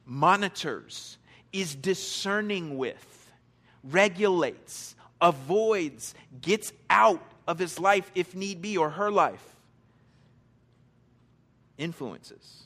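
A man's voice: on the high side, fairly bright tone, in a large hall. Man preaching casually from a stage. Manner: casual, conversational preaching with playful asides and quick bursts. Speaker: pastor. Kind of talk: sermon. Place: church sanctuary with a stage.

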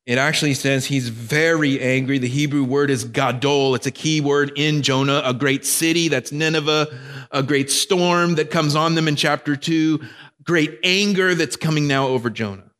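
A man's voice: fairly high pitch, moderate pace, a bit bright. Conversational male preacher. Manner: conversational, checks in with listeners. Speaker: pastor. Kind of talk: sermon.

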